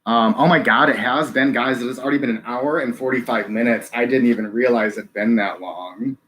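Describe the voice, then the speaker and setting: A man hosting a live stream, reading chat and speaking earnestly, halting with many ums and restarts, close to tears. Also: medium pitch, a bit bright, a little hiss or hum.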